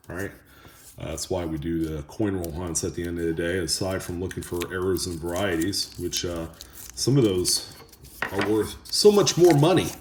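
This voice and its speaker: A man hosting a coin roll hunting video, chatting casually and haltingly to viewers as he sorts coins. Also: sits low, background noise. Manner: rambling, halting, talks to viewers. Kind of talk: casual chat while sorting coins. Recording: echoey room with coin clinking.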